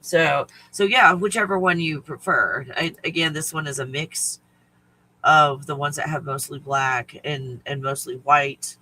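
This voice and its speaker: A man's voice: on the high side, fairly even intonation, a little slow, pushed and bright, slight background noise, poor audio. A man hosting a casual spiritual livestream, talking in a rambling, profane way and often laughing. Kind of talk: casual chat to viewers.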